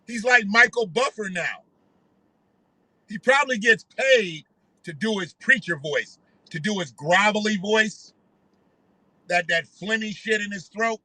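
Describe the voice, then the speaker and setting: A man's voice: high voice, a little slow, pauses often, pushed and bright, dry recording, low-quality recording. A man giving heated, profane commentary in a ranting, conversational way.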